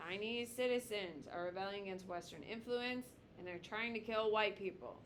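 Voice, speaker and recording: A woman teaching a high school history class, lecturing bluntly and with jokes while calling on students by name. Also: moderate pace, hardly any pauses, a little hiss or hum.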